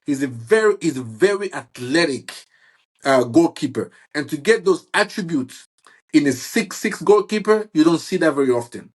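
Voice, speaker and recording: A man talking football in a casual chat, halting and restarting often and asking "you see what I'm saying". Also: on the high side, lively intonation, husky. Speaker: football fan guest.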